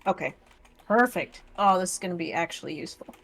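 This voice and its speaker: A woman playing in a tabletop game, eager and quick to chime in. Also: fairly low pitch, animated, gravelly, a bit bright. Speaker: player. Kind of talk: casual tabletop play.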